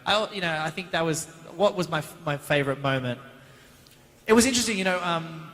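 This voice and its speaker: A man's voice: fairly high pitch, a little fast. Man at a convention panel. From Australia. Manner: chatty, animated storyteller. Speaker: actor guest at fan convention. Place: large convention hall. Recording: reverberant hall.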